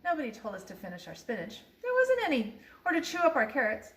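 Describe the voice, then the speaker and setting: An older woman, a grandmother, reading a children's picture book aloud in a lively, expressive way with small slips. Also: a little high, fast. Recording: roomy echo.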